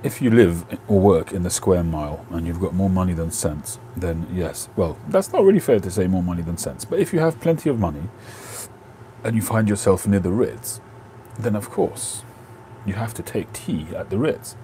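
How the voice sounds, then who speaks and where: A man's voice: sits low, expressive, normal speed, warm tone, slight background noise. A man hosting a casual live stream from home on a phone, chatting and answering viewers' comments.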